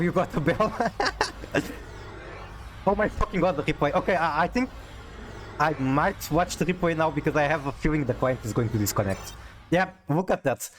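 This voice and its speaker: A man's voice: on the high side, a little hiss or hum. A man streaming a card game, chatting casually with viewers, often stammering as he restarts sentences. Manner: chatty, stammers on restarts, reads chat aloud. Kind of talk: casual live-stream chat while playing a card game.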